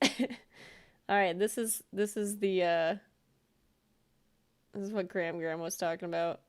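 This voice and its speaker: A woman's voice: fairly low pitch, steady tone, unhurried, clear, resonant tone. A woman streamer chatting casually with her viewers while she plays, rambling and laughing often. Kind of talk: casual gameplay chat.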